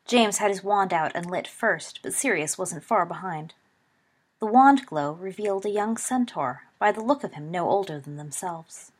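Husky woman reading a story. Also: mid-range voice, expressive, normal speed. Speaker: narrator. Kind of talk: storybook narration.

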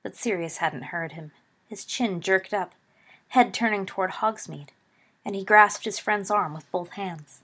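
A woman narrating a story in a steady, measured reading voice. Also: mid-range voice.

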